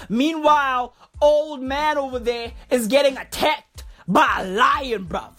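A woman doing a comic rant, animated and profane, full of slang. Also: high-pitched, a little slow, soft background music. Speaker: comedy vlogger.

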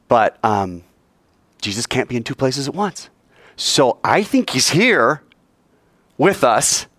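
A man teaching about the Bible and taking questions, playful and animated, acting out scenes with little sound effects. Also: fairly low pitch, no room sound.

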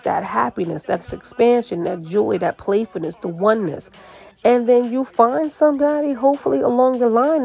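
A woman giving a casual, chatty podcast card reading, talking in an animated way and often checking in with "right?" and "you know". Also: on the high side, creaky, breathy edge. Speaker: tarot card reader.

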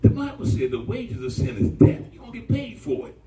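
Animated preacher man, high and echoey. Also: a little fast, slight background noise. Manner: animated, colloquial, calls out to the congregation. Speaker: pastor. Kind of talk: sermon storytelling. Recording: echoey room from far off.

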